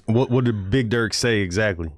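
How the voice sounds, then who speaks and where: A man's voice: lowish voice, normal speed, dry recording. A man interviewing guests, asking loose questions and repeating words as he goes.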